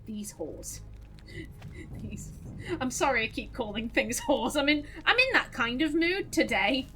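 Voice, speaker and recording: A woman hosting a let's play, giving profane, jittery horror game commentary that swings between loud outbursts and hushed mutters. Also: sits high, animated, a little slow, a little hiss or hum, rough recording.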